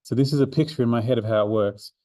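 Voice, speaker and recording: A man's voice: mid-range voice, quick pace, warm tone, dry recording. A man, a maths learning centre coordinator, explains a revision seminar step by step with fillers and restarts. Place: room, drawing notes for an overhead camera.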